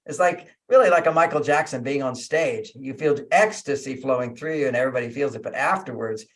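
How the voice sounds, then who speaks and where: An older man talking as an interview guest, teaching conversationally in an animated way and laughing between his points. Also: medium pitch, brisk.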